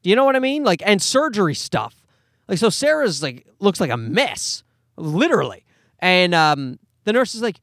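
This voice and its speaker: A young man from Canada rambles through a profane story as a podcast host, his voice high and swinging all over the place. The sound is close and dry, with no room around it. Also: very animated, moderate pace, a bit bright, no echo. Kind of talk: casual storytelling monologue.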